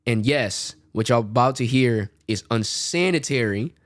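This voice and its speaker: An animated young man telling a story in casual talk, jumping into quoted voices as he goes. His voice sits in the middle range, recorded dry and close. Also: medium pitch, measured pace, dry recording.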